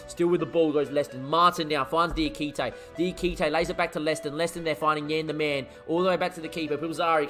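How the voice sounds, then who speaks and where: Brief: male streamer, high bright voice, calls his own football match, quiet mutters then loud yells, faint music behind. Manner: excitable, swings from muttering to shouting. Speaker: gaming streamer. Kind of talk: live football game commentary.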